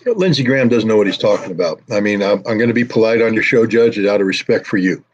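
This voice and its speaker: Blunt, combative man with a husky voice. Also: lowish voice, expressive, fast talker, lo-fi sound. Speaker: guest commentator. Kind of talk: interview, heated commentary.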